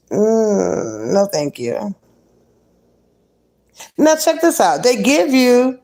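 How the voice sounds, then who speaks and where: A woman's voice: fairly low pitch, a little mellow. A woman hosting a casual live stream, chatting with viewers and reading the chat aloud.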